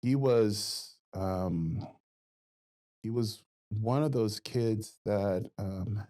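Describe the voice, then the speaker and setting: A man's voice: lowish voice, extremely slow, dark tone. A man as a podcast guest, telling his life story in a reflective, easygoing way. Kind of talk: casual interview storytelling.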